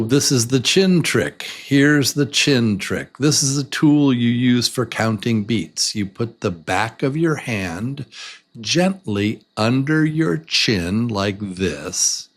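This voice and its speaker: A man teaching a beginner English lesson, speaking slowly and deliberately and repeating words beat by beat. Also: mid-range voice, expressive. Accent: American. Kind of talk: slow, patient beginner lesson.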